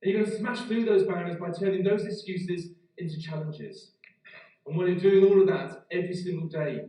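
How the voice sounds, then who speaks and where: A man's voice: high voice, a little fast, mellow. A middle-aged British man giving a graduation keynote as a motivational speaker. He tells his story vividly, building energy, then gives earnest advice. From Britain. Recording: very echoey hall, speaker far from mic.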